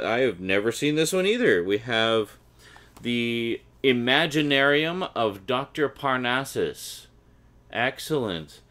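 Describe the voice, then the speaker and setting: A man's voice: mid-range voice, fairly bright tone. A Canadian man chatting casually and wryly while opening a package and reading out the blurbs. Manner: chatty and wry, reading blurbs with mock enthusiasm. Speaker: unboxing vlogger.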